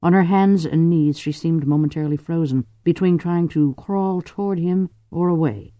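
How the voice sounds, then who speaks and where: A man narrating a novel in a measured, dramatic audiobook reading. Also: on the high side, no room sound, dull audio. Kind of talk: scripted narration.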